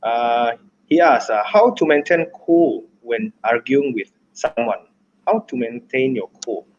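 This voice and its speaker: A man moderating a webinar, reading out audience questions with many hesitant "uh" pauses. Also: medium pitch. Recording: dull lo-fi audio with faint noise.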